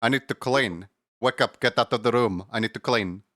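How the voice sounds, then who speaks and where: A man's voice: medium pitch, normal speed, fairly bright tone, dry recording, clean studio sound, close to an everyday voice. A man voicing a brusque female hotel cleaner in a weak attempt at a Russian accent, barking orders. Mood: curt. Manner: curt barked orders.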